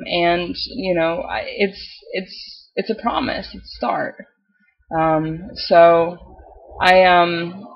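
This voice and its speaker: A young man with a light, girlish-sounding voice, talking in a casual video diary and pausing often with ums. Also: sits high, muffled recording. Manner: hesitant, full of pauses and "um"s. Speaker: vlogger.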